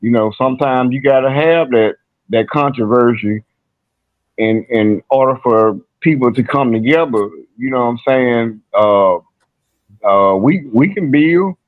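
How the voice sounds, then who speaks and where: A man's voice: mid-range voice, measured pace. A man calls into a live-stream panel, talking casually and rambling with many fillers. He comes through a tinny phone line with a dry sound and no room echo. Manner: rambling, repeats "you know what I'm saying".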